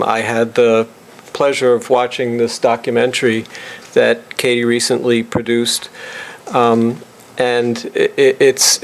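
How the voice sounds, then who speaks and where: A middle-aged man with a New York accent giving a halting introductory speech to an audience, full of fillers and restarts. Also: medium pitch, gravelly. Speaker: introductory speaker.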